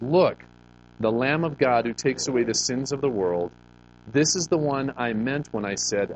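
A middle-aged man delivers a sermon in an expressive voice, reading scripture aloud and asking the congregation rhetorical questions. His voice is mid-pitched, neither high nor low. A faint hum sits under the recording. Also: poor audio. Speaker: pastor.

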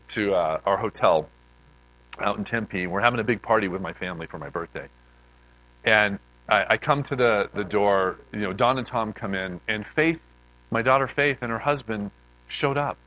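A middle-aged man preaching, telling an emotional testimony story with heartfelt repeated words that build in excitement. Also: fairly low pitch, rough recording.

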